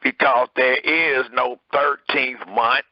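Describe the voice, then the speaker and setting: A man's voice: steady tone, slow pace, no room sound, highs cut off. A man preaching a sermon, reading scripture aloud and pressing hard on his words. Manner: emphatic, preaching with rising and falling pitch.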